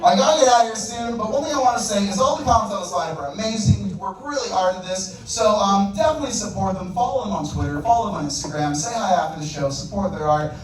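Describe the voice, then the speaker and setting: High-voiced male comic in an echoey club. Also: expressive, quick pace, hardly any pauses. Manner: crowd work, loud punchlines. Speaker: stand-up comedian. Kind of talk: stand-up comedy set. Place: comedy club stage. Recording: echoey club, distant mic, audience noise.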